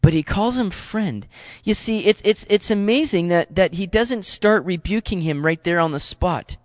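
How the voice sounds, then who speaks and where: A man's voice: sits high, moderate pace, no echo. Earnest, conversational male preacher, dry and muffled lo-fi sound. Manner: chatty and earnest, with frequent repeated words and asides. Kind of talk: conversational sermon. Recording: dull lo-fi recording, dry.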